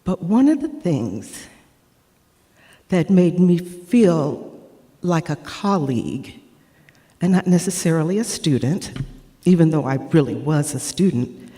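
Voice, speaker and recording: A woman's voice: low voice, sing-song, slow pace, long pauses, warm tone, in a large hall. A woman giving an earnest, heartfelt personal tribute at a memorial, speaking as a former actor and student. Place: performing arts center stage.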